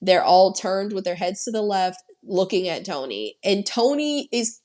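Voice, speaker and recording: A woman's voice: mid-range voice, unhurried. A woman co-hosting a podcast, retelling a horror film in casual, profane chat and acting out the characters' lines. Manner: animated, profane storytelling with acted-out quotes. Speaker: podcast co-host.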